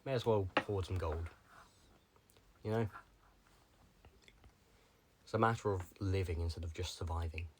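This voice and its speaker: A man's voice: sits low, a little slow, long pauses, slightly rough. A young man talking casually to the camera, rambling from one tangent to the next with lots of filler words. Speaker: vlogger.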